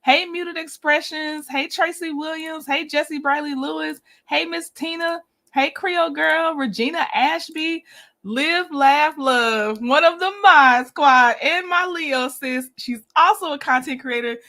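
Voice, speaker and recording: Chatty high-voiced woman hosting a livestream. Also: a little slow, sharp tone. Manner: upbeat, chatty, laughs often. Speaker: livestream host. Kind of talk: casual livestream chat greeting viewers.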